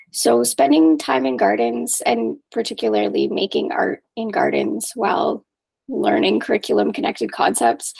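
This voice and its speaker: A woman answering interview questions as an environmentalist, artist and program coordinator, thoughtful and earnest, sometimes softly breathy. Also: fairly high pitch.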